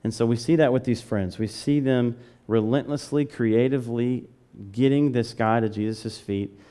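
A man from the American South preaching a conversational sermon, building to excited emphasis. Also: mid-range voice, moderate pace, smooth.

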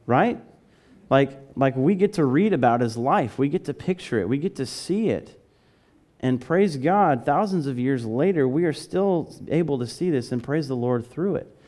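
A man from the American South preaching a conversational sermon, building to excited emphasis. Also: mid-range voice, moderate pace.

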